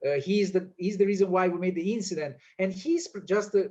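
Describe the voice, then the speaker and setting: A male film director, a native Italian speaker, talking animatedly in halting English with many restarts in an interview. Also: high voice, dark tone, lo-fi sound. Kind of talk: casual interview conversation.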